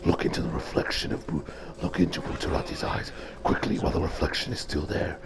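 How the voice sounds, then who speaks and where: A man voicing a sinister hidden male crime boss, giving orders in a gravelly whisper. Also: low-pitched, sing-song, fast talker, a crowd in the background, voice pushed down, full character voice. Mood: urgent.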